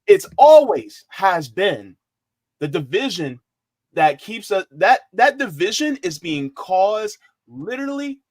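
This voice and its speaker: A man's voice: sits high, very animated, slow, a little mellow. A man co-hosting a political talk stream, speaking casually and emphatically with slang. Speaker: co-host. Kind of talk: political talk show commentary.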